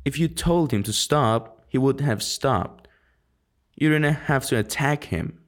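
A man's voice: medium pitch, takes it slowly, voice pushed up, natural voice. A man voicing a reproachful teen boy.

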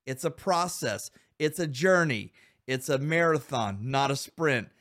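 A man hosts a Christian men's podcast, earnestly exhorting listeners with rhetorical questions and addressing them as guys and men. His mid-range voice is a bit bright, with lively intonation and a measured pace.

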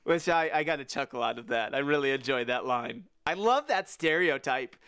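A man's voice: medium pitch, expressive, moderate pace, a bit bright, smooth, no room sound, studio quality. A man co-hosting a casual podcast, reading a book aloud with jokey asides and big put-on voices. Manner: jokey, goes big on voices and sound effects. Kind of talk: casual chat and playful read-aloud.

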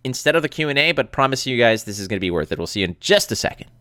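A man hosting a podcast, telling stories in a casual, animated way with many fillers. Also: mid-range voice, very fast. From Canada. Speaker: podcast host.

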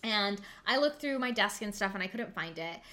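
A young woman co-hosting a casual podcast, telling a story with lively acted-out quotes and frequent laughter. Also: mid-range voice, moderate pace. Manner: animated storyteller, acts out quotes, laughs often. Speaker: podcast co-host.

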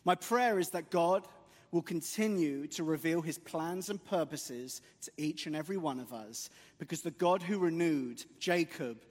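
Guy preaching, earnest n punchy, bit high voice, long church echo. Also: normal speed. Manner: earnest and emphatic, with light jokes. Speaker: guest preacher. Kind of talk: sermon. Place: church sanctuary. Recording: long church hall reverb.

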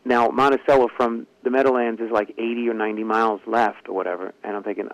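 A man's voice: medium pitch, quick pace, hardly any pauses, dry recording, muffled recording. A man, a ventriloquist and comedian, telling a long story in an interview and acting out the lines of the people in it. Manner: lively anecdotal telling, acts out quoted dialogue.

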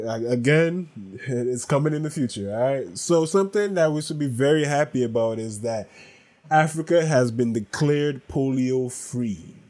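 A man with a cold talks through a solo podcast in a nasal, stuffed-up voice at an ordinary middle pitch. He rambles loosely and stops to correct himself partway through sentences. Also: darkish tone. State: congested, sick with a cold. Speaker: podcast host. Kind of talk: casual solo podcast monologue.

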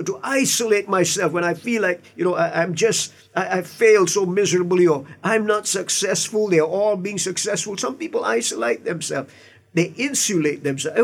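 A man, a pastor, preaching an earnest sermon with emphatic asides and repeated words. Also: high voice. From Indian heritage.

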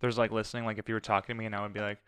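Laid-back young guy podcasting with his wife, lowish smooth voice, dry close mic. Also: little pitch movement, rapid-fire, a bit bright, no room sound. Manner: easygoing, thinks aloud with fillers. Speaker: podcast co-host. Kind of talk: casual chat. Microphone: close studio mic.

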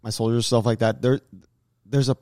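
A man's voice: mid-range voice, level tone, dark tone, dry recording. A soldier speaks in casual conversation, stopping and restarting often. His voice sits mid-range for a man, and the room around him is dry and close. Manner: halting, frequent fillers and restarts. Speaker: soldier, co-host in chat. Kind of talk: casual chat.

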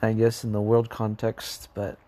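A young man talks slowly and hesitantly into his own video diary, tired and sad. His voice sits low and mellow, and at times it sinks almost to a whisper. He pauses often, as if searching for the words. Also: completely flat delivery. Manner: soft, hesitant, halting, sometimes near a whisper. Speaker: vlogger. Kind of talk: reflective personal diary vlog.

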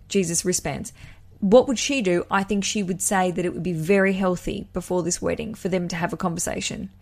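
A woman's voice: lowish voice, darkish tone. A young Australian woman hosting a wedding podcast, giving a listener chatty, enthusiastic advice with rambling asides. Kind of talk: casual advice chat.

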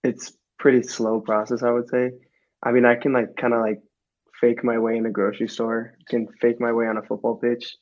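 A professional soccer player in his twenties from Minnesota, USA, appears as a guest in a casual podcast chat. He talks loosely and rambles with many restarts, his mid-range voice level, a little mellow, and moderately paced. The sound is lo-fi.

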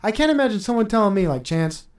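Man, thirties, solo podcast rant: heated, profane, sarcastic, lively pitch, laughs between points. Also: moderate pace. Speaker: podcast host. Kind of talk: ranting solo podcast monologue.

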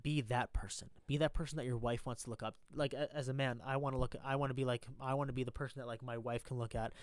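In a casual vlog shot while stranded at an airport after a flight cancellation, a man delivers an earnest, rambling mindset talk, frequently asking "right?" His medium-pitched voice is clear and resonant, with fairly even intonation and a fast pace, and there's no echo.

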